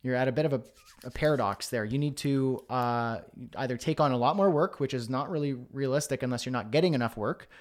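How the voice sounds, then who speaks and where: A man's voice: mid-range voice, a little mellow. A man hosting a live-streamed business workshop, coaching emphatically with many rhetorical questions. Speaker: host.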